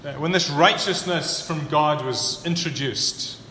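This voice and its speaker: A male preacher in an echoey church hall, his words trailing off into long reverb over a faint background hum. His voice is bright and lifted a little high. He builds to emphatic peaks, then settles back low and earnest. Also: a little slow. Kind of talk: sermon.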